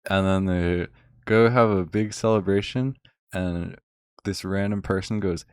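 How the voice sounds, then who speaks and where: A man's voice: low voice, a little slow, clean tone, no echo, clean studio sound. A man ranting casually and sarcastically to a friend, rambling with lots of filler words. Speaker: channel host.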